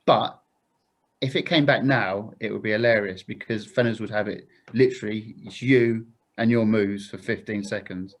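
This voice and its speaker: A man's voice: lowish voice, steady tone, normal speed. A man, a podcast guest, telling anecdotes in a laddish, chatty way full of fillers. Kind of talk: casual storytelling.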